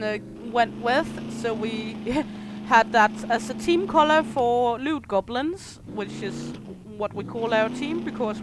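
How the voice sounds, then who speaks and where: Young adult woman streamer, danish first language, fairly high voice, explains gameplay over loud game noise. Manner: explaining game features, listing items. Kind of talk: gameplay livestream commentary. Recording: noisy game audio behind.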